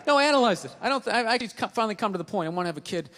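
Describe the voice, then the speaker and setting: A man doing a stand-up set, ranting in an animated, profane way at a live comedy venue. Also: high voice, racing, a little hiss or hum. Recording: reverberant hall, faint ambience.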